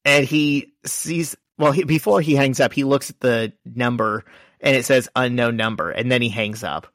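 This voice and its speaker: A man in relaxed podcast chat, walking through a story and slipping into the characters' lines. His voice sits in an ordinary middle pitch. The sound is dry and close, with no room echo. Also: moderate pace. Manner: lively storyteller, quoting characters. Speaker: podcast co-host. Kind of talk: casual chat, retelling a comic issue.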